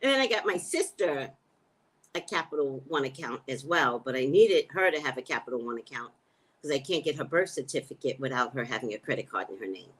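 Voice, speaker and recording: A woman's voice: rumbling low, lively intonation, fairly quick, noisy background. A woman hosting a casual livestream, chatting back to viewer comments. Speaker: livestream host and psychic reader.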